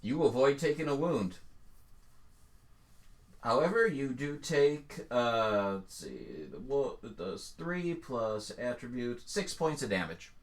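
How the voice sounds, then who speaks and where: A man running a tabletop role-playing game as game master, giving unhurried, matter-of-fact rulings. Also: medium pitch, sing-song.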